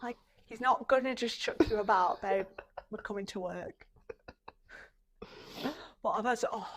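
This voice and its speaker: A young woman hosting a podcast, telling parenting stories in a chatty way and laughing often. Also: mid-range voice. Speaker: podcast host. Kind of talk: casual chat.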